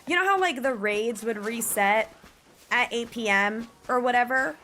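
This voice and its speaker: A woman streaming a game live, chatting casually and breaking into frantic shrieks and shouts when she gets scared. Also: on the high side, normal speed.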